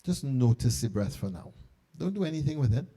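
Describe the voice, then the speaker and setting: Archbishop guy talking principals through a meditation, middle pitch. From Trinidad and Tobago. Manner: animated and coaxing, then slow and hushed in prayer. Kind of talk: talk guiding a meditation. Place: conference hall.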